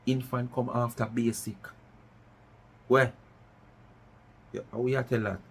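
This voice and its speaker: A man's voice: medium pitch, level tone, unhurried, breathy edge. A middle-aged Jamaican man from West Kingston ranting in commentary, challenging listeners with repeated rhetorical questions and slipping into patois. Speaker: vlogger.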